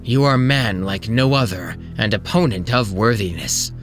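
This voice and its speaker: A man voicing a soft-spoken sinister male assassin with a quiet, hushed delivery. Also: on the low side, moderate pace, over music, lightly acted. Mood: menacing.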